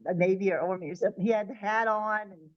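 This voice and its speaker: Woman guest telling her story all animated, mid-pitched voice, muffled lo-fi audio. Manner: vivid, animated, quick, sometimes restarting. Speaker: guest sharing her near-death experience. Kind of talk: personal storytelling in an interview.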